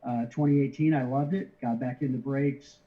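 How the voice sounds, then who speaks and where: A middle-aged man talks through his story in a relaxed, halting way, often doubling back on his words. His voice sits at an ordinary pitch. The audio is slightly dull and lo-fi, like a video call. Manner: halting, many restarts, easygoing chuckles. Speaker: interview guest, card shipper. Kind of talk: casual conversational storytelling.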